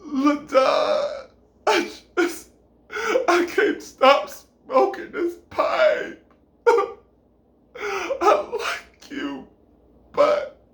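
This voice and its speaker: A man's voice: expressive, a little slow, a bit bright. Man putting on an erratic giggly young woman. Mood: tearful laughing. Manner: high, giggly, swings to tearful. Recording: roomy echo.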